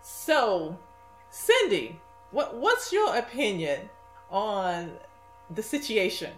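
A woman hosting a chat show, recapping the story at an unhurried pace and hedging her details. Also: mid-range voice, sing-song, faint music behind. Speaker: show host. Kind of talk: casual chat. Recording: echoey room.

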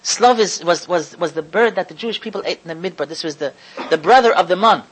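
A woman teaching a religious lecture to an audience, stressing key words slowly and often restarting phrases as she thinks aloud. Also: on the low side, breathy edge, low-quality recording. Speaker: Torah lecturer.

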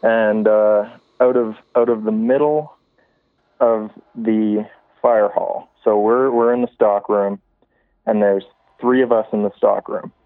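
A man on the phone tells a show a spooky story, wandering casually through it with many fillers and restarts. He speaks slowly in a steady, lowish voice, with no echo on the tinny line.

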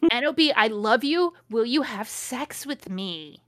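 A woman's voice: a little high, animated, measured pace, dry recording, clean studio sound. A woman voicing a lovestruck teenage male villain in an overblown, gushing way, reading from a fanfic.

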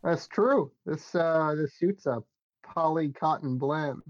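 A man's voice: on the high side, slow, highs cut off. A man playing a tabletop role-playing game, rambling in character with hesitant, dry humor. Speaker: player.

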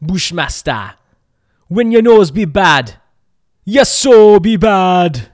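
A podcast host doing a comic impression of a menacing Jamaican TV villain, pitched well above his own voice and pushed loud. The words are drawn out slowly and leaned on hard. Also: very animated, dry recording, studio quality, full character voice. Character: menacing Jamaican-accented TV villain, adult male.

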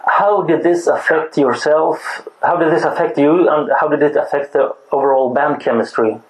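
A man interviewing a musician, asking measured questions. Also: a little high, fairly even intonation, rough recording.

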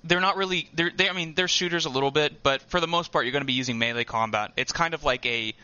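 A man's voice: on the high side, fast, smooth. A man co-hosting a casual gaming podcast, telling stories and acting out what people said. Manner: animated storytelling, acting out quotes, laughing. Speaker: podcast co-host. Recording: dull lo-fi dry sound.

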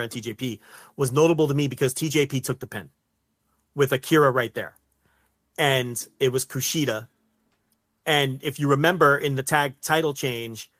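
A man in an easygoing wrestling podcast chat, thinking aloud with lots of fillers and restarts. His voice sits in a middle pitch and is recorded close and dry. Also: fairly bright tone, no room sound. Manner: rambling, many fillers and restarts. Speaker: podcast co-host.

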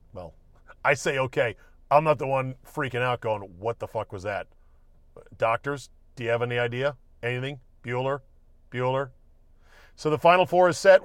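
A man's voice: mid-range voice, dry recording. Wry, offhand male sports podcast host. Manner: wry, joking, offhand, with swearing. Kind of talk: casual solo sports podcast monologue.

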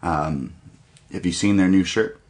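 Laid-back young man, low voice. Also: unhurried. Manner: laughs often, animated retelling. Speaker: podcast co-host. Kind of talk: casual wrestling review chat.

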